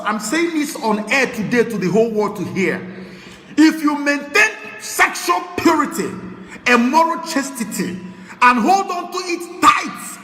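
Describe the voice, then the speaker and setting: A Nigerian man preaching a sermon, swinging between shouts and hushed, pointed warnings. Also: very high voice. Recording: echoey hall with long reverb.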